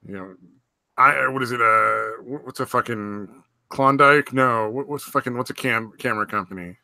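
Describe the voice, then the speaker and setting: A man's voice: mid-range voice, normal speed, vocal fry, pushed and bright, no echo, studio quality. A man co-hosting a podcast, cracking crude jokes and swearing a lot in casual banter. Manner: profane, joking, laughs often. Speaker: podcast co-host.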